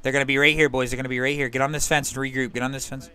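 A man's voice: medium pitch, level tone, rapid-fire, bright, forceful tone. A man streaming a game, leading his squad over voice chat and calling out repeated orders to keep firing and hold the line. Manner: commanding, rallying, repeats orders. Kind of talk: live gameplay voice chat, barking orders.

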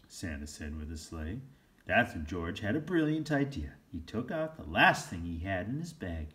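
A man reading a children's picture book aloud as storyteller, slow and lively, laughing now and then. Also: low voice.

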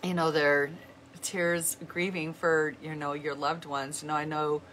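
A middle-aged woman talking to her viewers in an earnest, heartfelt way, often halting and restarting her sentences. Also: low-pitched, little pitch movement, a bit bright, a little hiss or hum. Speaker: vlogger. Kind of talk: heartfelt casual talk to viewers.

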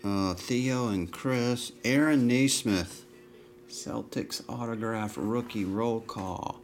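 A man giving casual running commentary while opening trading card packs, listing names in a flat run with dry asides. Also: medium pitch, slow, slight background noise. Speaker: trading card box breaker.

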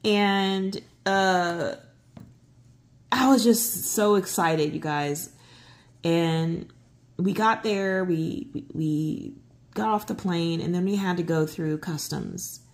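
A middle-aged woman telling a travel story while she colors, rambling with lots of fillers and restarts, and getting excitable. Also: slow. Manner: excitable, voice jumps high when giddy. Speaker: coloring channel host. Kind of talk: casual chat while coloring.

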